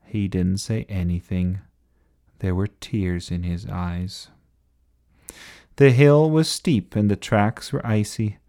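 A man reading a children's bedtime story aloud in an expressive storybook style. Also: fairly low pitch, slow, pauses often.

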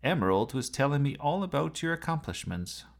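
A man's voice: fairly high pitch, very animated, a little fast, vocal fry, pitched above the performer's own voice. Man doing a suave, genial scholar. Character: suave, fashionable middle-aged male scholar.

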